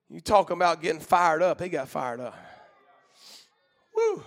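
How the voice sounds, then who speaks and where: A male preacher delivering a fiery church sermon, swinging from shouted bursts to low murmurs in a call-and-response cadence. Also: big pitch swings, moderate pace.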